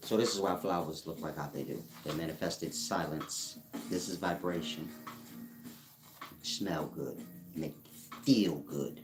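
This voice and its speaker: A man giving a casual spiritual teaching monologue, drawling slowly and using street slang. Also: rumbling low, music in the background. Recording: roomy echo.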